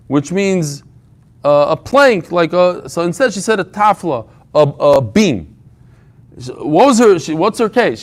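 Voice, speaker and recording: Animated joking man teaching Talmud. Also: sits high. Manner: lively, joking, quick asides. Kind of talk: daily Talmud class.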